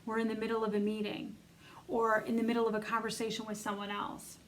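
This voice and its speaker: A middle-aged woman, a self-love coach leading an online bootcamp, gives an earnest, encouraging self-help talk directly to her listeners. Her voice is a little high and monotone, and she talks fast. The audio is poor, with some hiss or hum.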